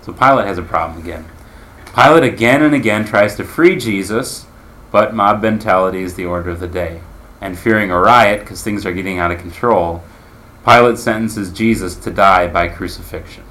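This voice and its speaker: A man's voice: on the low side, normal speed, a bit bright. A man teaching a Bible class in a conversational way, asking his listeners questions as he explains.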